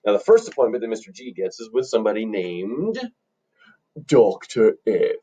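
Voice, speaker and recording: A man teaching music by telling a playful story to children, in an animated storyteller manner. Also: on the low side, normal speed, breathy edge, far from the mic. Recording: dull lo-fi recording.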